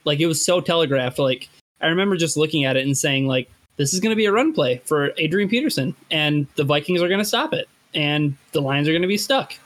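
A man's voice: on the high side, expressive, fairly quick, fairly bright tone. A man co-hosting a sports podcast, talking with hesitant starts and many fillers. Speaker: podcast co-host. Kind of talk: casual sports podcast chat.

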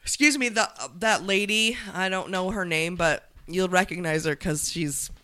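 A playful woman co-host who laughs often and keeps a bright, crisp tone. The sound is dry and close to the mic. Her banter is quick. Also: fairly low pitch, dry recording. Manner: giggly, playful, mimics voices. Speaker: podcast co-host. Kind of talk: casual chat.

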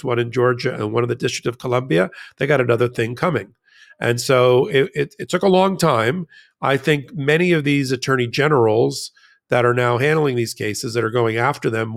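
Guy with a gravelly voice cohosting a legal podcast, brisk and rambling. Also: mid-range voice. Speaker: podcast co-host, defense attorney. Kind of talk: casual legal podcast chat.

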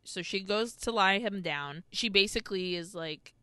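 A woman co-host recaps a film in a loose, animated way, dropping into character and swearing freely. Her voice is bright and crisp. The sound is dry and close. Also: medium pitch, normal speed, no echo. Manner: animated storytelling, acts out characters, frequent swearing. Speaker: podcast co-host. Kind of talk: casual film recap chat.

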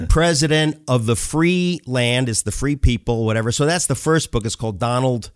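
A middle-aged man, a guest author, telling a funny story in a casual chat, jokey and energetic, acting out the characters as he goes. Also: mid-range voice, moderate pace, clear, resonant tone, dry recording, clean studio sound.

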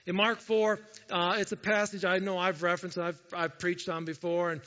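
A man's voice: high-pitched, flat delivery, moderate pace, bright, forceful tone. A male pastor preaching a conversational sermon in church, acting out little quoted voices as he goes. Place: church sanctuary. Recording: dull sound with long hall reverb.

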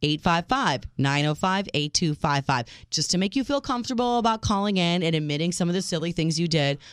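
Smooth-voiced woman hosting talk radio. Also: on the low side, expressive, a little fast, no echo, clean studio sound. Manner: chatty, playful, repeats the call-in number. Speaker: radio show co-host. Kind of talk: late-night call-in radio talk. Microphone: studio microphone.

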